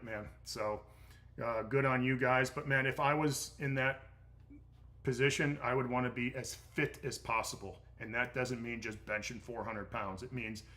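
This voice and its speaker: Blunt, bright-voiced man cursing casually. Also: mid-range voice. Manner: blunt, profane, rambling with many fillers. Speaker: strength coach answering viewer questions. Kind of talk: casual livestream Q&A.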